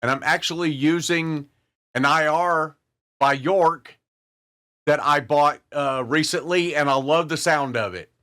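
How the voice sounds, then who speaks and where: A man's voice: on the high side, measured pace, pushed and bright. A man, a guitar channel host talking casually to the camera in an earnest, folksy way and repeating his points. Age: 60s.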